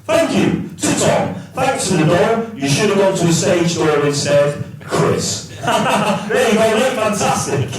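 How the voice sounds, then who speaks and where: A man's voice: high voice, expressive, measured pace, hardly any pauses, distant mic, crowd noise. A man on a live stage playing a brusque, money-grabbing celebrity actor who keeps demanding payment from fans. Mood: curt. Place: live stage show in a large hall. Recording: echoey live hall, mic from afar. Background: audience.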